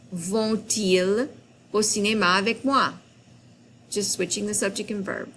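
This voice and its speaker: A woman walks through French grammar in a recorded classroom lesson. She explains at a slow, unhurried pace, patient and clear. A faint hiss of noise sits behind her voice. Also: medium pitch, bright, forceful tone. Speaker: French teacher.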